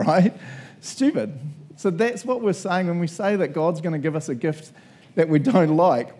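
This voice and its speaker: A young man preaches in a casual, talkative way. His voice sits slightly high, and he laughs often and acts out quotes as he speaks. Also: warm tone, husky. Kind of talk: casual sermon.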